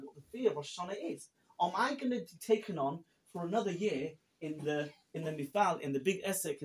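A man preaching a sermon to a live audience, animated and full of storytelling asides. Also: a little high. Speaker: rabbi.

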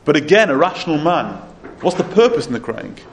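A man's voice: fairly high pitch, very animated, fairly quick, gravelly, a little hiss or hum. A man teaching a Torah lesson, retelling a Midrash in an earnest storytelling manner with occasional restarts. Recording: roomy echo, faint ambience.

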